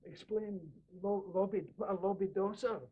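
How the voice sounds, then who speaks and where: A Glaswegian man reminiscing casually in an interview, telling animated stories and laughing often. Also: high-pitched, moderate pace, breathy edge. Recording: dull lo-fi radio recording.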